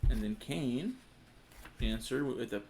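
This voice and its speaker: A man of middle pitch reading verses aloud in a relaxed conversation. He turns easily from the reading to plain, agreeable comments. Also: slow pace, vocal fry, a little hiss or hum. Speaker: podcast co-host. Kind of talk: casual chat, reading scripture aloud.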